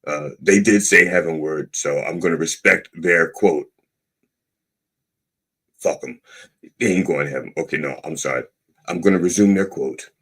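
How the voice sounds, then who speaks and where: A man's voice: a bass voice, moderate pace, long pauses, a bit bright, breathy edge. A man hosting a podcast, reading news items and breaking off into profane, sarcastic asides in a mock-preacher manner. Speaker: podcast host. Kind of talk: irreverent satirical commentary.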